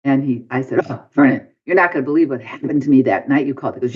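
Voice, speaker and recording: A man's voice: mid-range voice, quick pace, husky. A man guest on a podcast, telling a personal story and acting out his own past lines with big swings of voice. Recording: dull lo-fi podcast audio.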